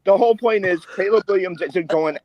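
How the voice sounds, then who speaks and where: A man co-hosting a sports talk show, loud and insistent, talking over the others. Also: high-pitched, brisk, dull audio. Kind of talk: heated sports debate. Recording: crowd chatter behind.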